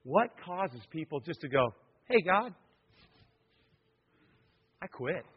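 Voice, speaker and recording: A man's voice: on the high side, big pitch swings, slow, breathy edge, lo-fi sound. A man preaching a sermon, telling personal stories with joking asides to the congregation. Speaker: pastor.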